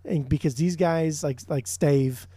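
A man's voice: a little high, unhurried, dark tone, slightly rough, no room sound. A man co-hosting a podcast in casual music chat, rambling, swearing often and restarting his sentences. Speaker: podcast co-host.

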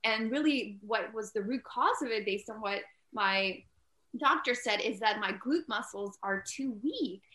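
A woman with a bright, crisp, fairly high voice gives an earnest, casual interview as an entrepreneur. She scatters "like" through her sentences and pushes her points with emphasis. The room around her rings with echo. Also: measured pace. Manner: earnest, peppered with "like", grows loud and emphatic. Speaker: entrepreneur and inventor, interview guest. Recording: echoey room.

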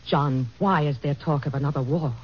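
In a 1940s radio drama, a woman with a low, slightly breathy voice plays a first lady, speaking at a moderate pace. Her tone is pleading, earnest and gently insistent, and the old radio recording sounds dull.

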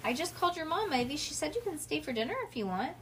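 A kind storybook mother who speaks gently but stays firm, as a woman reads her part. Her voice is a little high and expressive. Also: fast, a little hiss or hum, full character voice. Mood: gentle.

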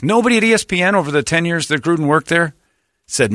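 A man's voice: a little high, expressive, quick pace, a bit bright, no room sound, clean studio sound. A middle-aged man hosting a radio show, talking in a blunt, sarcastic, rambling way. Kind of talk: casual talk radio banter.

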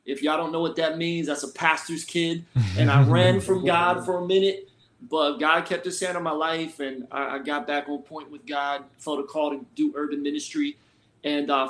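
A middle-aged man from Philadelphia, a senior pastor and guest, telling his story in a relaxed, colloquial way. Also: a little high. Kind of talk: casual conversational storytelling. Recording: roomy echoey sound.

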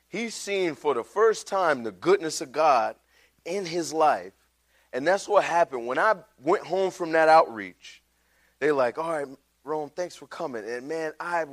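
A middle-aged pastor preaching a sermon, telling his own story in a casual, heartfelt way. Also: a little high. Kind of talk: sermon with personal testimony.

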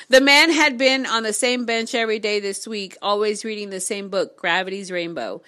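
A woman reading a novel aloud on camera, breaking off into excitable, swearing reactions. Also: mid-range voice. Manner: animated, swearing, excitable asides. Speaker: book reader vlogger. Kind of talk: casual read-aloud with reactions.

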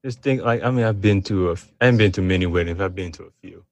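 A man co-hosting a casual chat with dry, brief comments and halting remarks. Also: low-pitched, no room sound, muffled recording.

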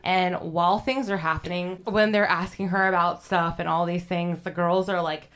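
A woman's voice: on the low side, fairly even intonation, normal speed, fairly bright tone. A young woman hosting a podcast, chatting casually and profanely about history, laughing often and acting out what people said. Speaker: podcast host. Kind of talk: casual true-crime history chat.

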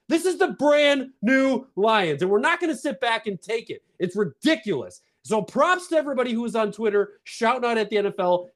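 High-voiced man ranting on a fan podcast. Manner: fired-up, ranting, swings loud to low. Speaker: podcast co-host. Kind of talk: casual fan podcast rant.

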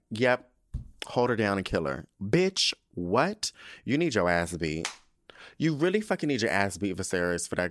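A young man hosting a podcast, giving a casual episode recap as a profane, animated rant full of slang. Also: on the low side, no echo, clean studio sound. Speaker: podcast host.

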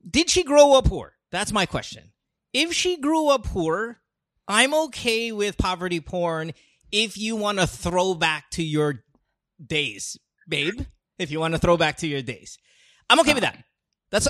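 A man's voice: high voice, fairly bright tone, no echo, studio quality. A man who is a comedian hosting a podcast, chatting casually in a blunt, profane, argumentative way. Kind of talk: casual chat.

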